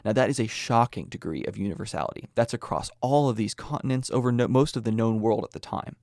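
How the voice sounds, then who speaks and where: In a clean, dry studio recording, a young man from the United States hosts a podcast and works through a scripted explanation of ideas. His mid-range voice is fast and slightly mellow, earnest in tone, with little personal asides mixed in.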